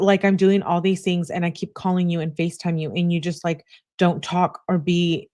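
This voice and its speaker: A young woman reads text conversations aloud for a true crime commentary, her low voice a little mellow. Between the quoted messages she offers brief remarks of her own.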